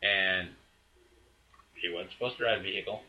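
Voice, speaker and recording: A man's voice: low-pitched, fairly even intonation, normal speed, pushed and bright, muffled recording. A man in casual conversation, telling a heated, profane story that rambles with restarts and asides. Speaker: storyteller recounting a breakup.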